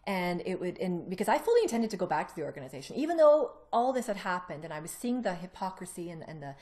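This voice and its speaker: A woman's voice: lowish voice, quick pace. A woman telling her own story in a casual interview, rambling with restarts and acting out what others said. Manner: animated storyteller who acts out other people's lines.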